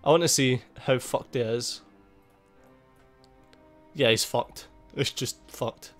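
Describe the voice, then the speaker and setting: A man giving casual, excitable gameplay commentary, swearing a lot and laughing at the game. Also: mid-range voice, slow pace. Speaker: gaming YouTuber. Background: faint game music.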